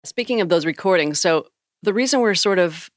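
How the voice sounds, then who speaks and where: A woman's voice: on the low side, animated, brisk, no room sound, studio quality. A woman co-hosting a podcast in casual chat, joking in a giggly, self-deprecating way. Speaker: podcast co-host.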